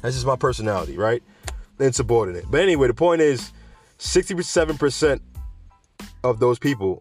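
A man hosting a news show in a loose, ranting commentary style, slangy and animated, often veering off topic to talk straight to his viewers. His voice sits at a middling pitch, with faint music underneath. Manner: animated, digressive, slangy, addresses viewers directly. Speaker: host of a cannabis news show. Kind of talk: casual news commentary with rants.

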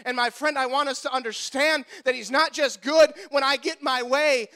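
A man's voice: extremely high pitch, steady tone, moderate pace, bright, forceful tone. A male pastor, preaching a sermon with impassioned repeated refrains.

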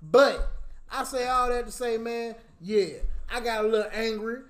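Guy on a podcast ranting about work, animated, laughing a lot, heated. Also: very high-pitched, moderate pace. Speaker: podcast co-host. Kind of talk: casual storytelling chat.

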